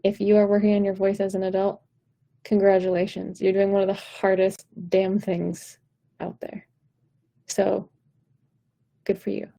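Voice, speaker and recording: A woman's voice: medium pitch, monotone, unhurried, creaky, pauses often, rough recording. A woman vocal coach giving an encouraging, direct pep talk on a live stream. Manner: encouraging, warm-hearted, direct.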